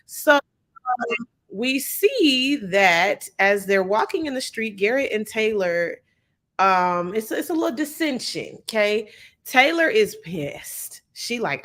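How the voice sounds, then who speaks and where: A young woman hosts a live reality show recap, chatting casually in a mid-range voice at a slow pace. She's animated and acts out what people said.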